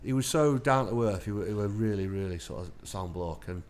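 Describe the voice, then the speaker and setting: A man's voice: on the low side, a little fast, a little mellow. A man, an army veteran guest telling chatty anecdotes in an interview and laughing through his stories. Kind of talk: casual storytelling interview.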